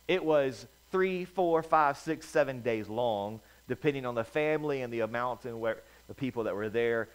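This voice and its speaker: A male pastor preaches a sermon as a story, speaking at a middle pitch. He moves between loud, emphatic bursts and soft, low asides. His delivery is loose and conversational. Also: expressive, normal speed, hardly any pauses, poor audio.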